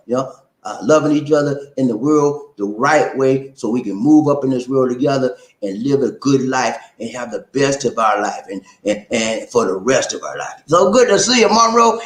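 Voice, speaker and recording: A man's voice: medium pitch, moderate pace, a little mellow. Preachy man in an echoey room. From South Carolina. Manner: preachy and playful, chants rhyming call-and-response lines; repeats "okay?" and "man" after points. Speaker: relationship advice livestream host. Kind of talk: casual livestream talk.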